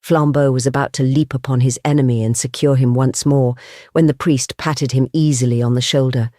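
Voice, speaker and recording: Audiobook reader, measured classic-story narration, dead dry studio sound. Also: mid-range voice, fairly even intonation, warm tone, no echo. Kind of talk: scripted narration.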